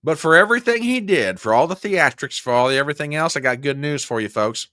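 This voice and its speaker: A man's voice: fairly high pitch, expressive, fast talker, bright, forceful tone, no echo, studio quality. A man hosting a political commentary show, ranting with exasperated sarcasm. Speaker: host.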